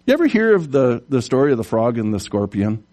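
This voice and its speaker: A man preaching a sermon, animated, telling stories and putting on voices for the characters in them. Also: mid-range voice, brisk. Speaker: pastor.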